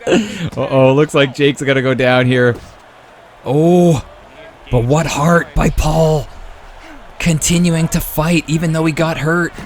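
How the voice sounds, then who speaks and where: Male channel host, casual and excitable play-by-play of a boxing video game, friendly bro-style banter. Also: a little high, unhurried. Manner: excitable, jumps to loud exclamations at big moments; casual, says "man" and "brother". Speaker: YouTube sports host.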